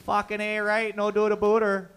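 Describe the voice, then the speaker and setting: A man's voice: high-pitched, completely flat delivery, moderate pace, a bit bright, clear, resonant tone, pitched above the performer's own voice. A man voicing a jeering young male hockey player bully with a Barrie, Ontario accent and a braying, mocking laugh.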